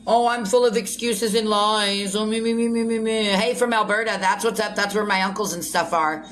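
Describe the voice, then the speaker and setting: A woman's voice: mid-range voice, steady tone, normal speed, a bit bright. A woman chatting casually on a livestream, answering viewer comments and turning snappy at rude ones.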